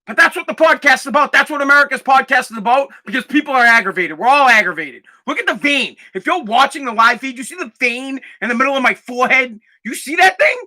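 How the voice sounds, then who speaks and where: A man in his forties hosting a podcast in an aggravated, profane rant that bursts into shouting, his throat dusty so he keeps clearing it. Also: very high voice, animated, quick pace, few pauses. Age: 40s. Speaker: podcast host. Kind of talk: angry ranting monologue.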